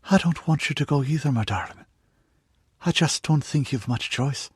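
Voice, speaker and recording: A wise mother and priestess speaks softly and knowingly, tender yet firm, as a male narrator voices her. Her pitch sits raised above his own, with a slightly husky grain. It is read close and dry for an audiobook. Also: normal speed, no room sound.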